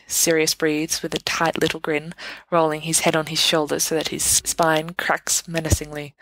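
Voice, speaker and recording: A woman narrating a fan story aloud in an even, measured way. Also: low-pitched, dry recording, poor audio. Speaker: podfic reader. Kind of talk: scripted narration.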